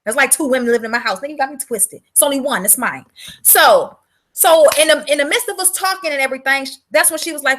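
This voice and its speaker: A woman's voice: sits high, fast talker, fairly bright tone. A woman ranting bluntly and profanely in a casual livestream, repeating words for emphasis. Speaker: vlogger selling herbal products.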